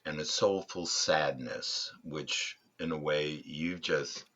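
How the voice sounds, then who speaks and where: Deep, slow, husky-voiced man. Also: pushed and bright, highs cut off. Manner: thoughtful, unhurried, frequent ums and restarts. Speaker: podcast guest, fatherhood workshop leader. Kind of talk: reflective interview storytelling.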